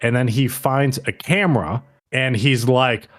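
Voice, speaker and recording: A man's voice: mid-range voice, a little slow. A man co-hosting a podcast, animatedly recapping an episode in casual chat and acting out lines. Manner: animated storyteller, acts out lines. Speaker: podcast co-host.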